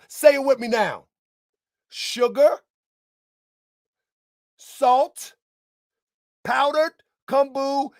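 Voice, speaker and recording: A man delivering a heated rebuttal monologue as an online commentator, combative and emphatic, repeating his points and bursting into shouts. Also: very high-pitched, no room sound, clean studio sound.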